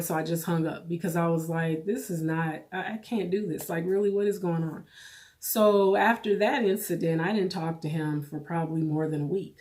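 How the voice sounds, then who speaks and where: A woman vlogger telling a personal story to camera, emotional and halting, holding back tears and repeating her phrases. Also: fairly low pitch, darkish tone.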